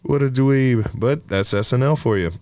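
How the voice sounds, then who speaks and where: A man's voice: mid-range voice, normal speed, a little mellow, dry recording. A man co-hosting a podcast, talking in a rambling, casual way full of fillers and swearing. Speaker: podcast co-host.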